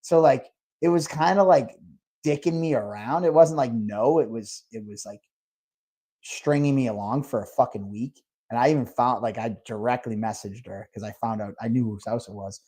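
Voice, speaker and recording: A man in the middle of a podcast tale, rambling from one thought to the next with constant swearing and filler words. His voice sits at a middling, ordinary pitch. It is loose, unscripted talk among friends. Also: normal speed, warm tone. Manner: rambling, heavy swearing, lots of "like". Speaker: podcast co-host; restaurant owner. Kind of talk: casual storytelling chat.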